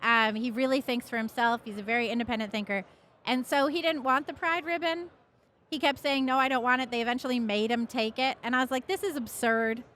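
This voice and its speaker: A woman's voice: on the high side, fairly quick, fairly bright tone. A middle-aged American woman guest talking frankly and with animation at a live event, with some fillers. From United States. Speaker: guest, magazine editor. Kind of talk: casual interview talk.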